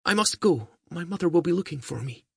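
Gentle young girl, put on by a man, raised pitch, husky tone, dry close recording. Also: expressive, fairly quick, no echo, full character voice. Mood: earnest.

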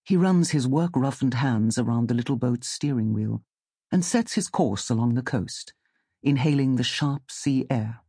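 A man narrating an audiobook story in a calm, measured way on a close studio mic. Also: mid-range voice, breathy edge, no room sound.

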